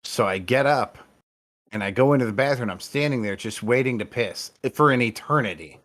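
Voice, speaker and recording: Male podcast co-host, average pitch, plainspoken and crude in casual chat. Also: brisk, a bit bright. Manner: blunt, profane, conversational.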